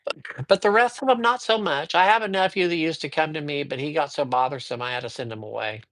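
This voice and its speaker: A man's voice: a little high, fast talker, fairly bright tone, no room sound. A man doing a livestreamed card reading, upbeat and chatty, rambling a little and greeting viewers by name. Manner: rambling, with frequent fillers. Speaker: psychic reader. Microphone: livestream microphone.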